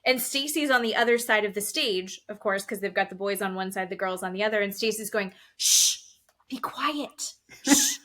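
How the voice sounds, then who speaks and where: A woman podcast host recapping reality TV in casual chat, animated and swearing freely. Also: medium pitch, fast talker, few pauses. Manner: animated retelling with acted quotes, swearing.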